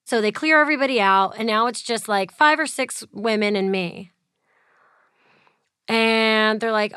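A woman's voice: a little high, a little slow, bright, forceful tone, clear, resonant tone, no echo, clean studio sound. A woman in her thirties telling a personal story in a casual, chatty way, acting out the dialogue and saying "like" a lot. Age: 30s. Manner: chatty, acts out quoted dialogue, heavy use of "like". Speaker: interviewee.

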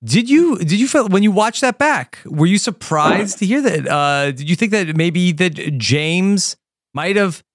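A man's voice: sits high, expressive, measured pace, no room sound, clean studio sound. A man hosting an interview, asking questions in a playful, casual way. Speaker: interviewer, podcast host.

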